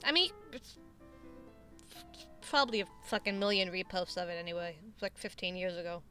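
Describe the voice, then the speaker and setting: Speaking briskly in a low-ish voice with a sharp tone and lively intonation, a young adult woman hosts a stream over soft background music. The casual chat rambles and keeps restarting, and she swears and laughs a lot.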